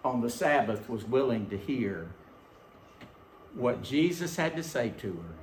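A man preaching a sermon, telling a story in an animated, folksy way. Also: mid-range voice, unhurried, roomy sound, slight background noise. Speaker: pastor. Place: church sanctuary.

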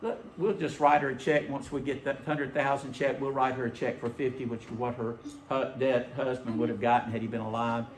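Male pastor, animated folksy storyteller, mid-pitched, reverberant church sound. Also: a little fast, hardly any pauses, slight background noise. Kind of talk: sermon. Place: church sanctuary.

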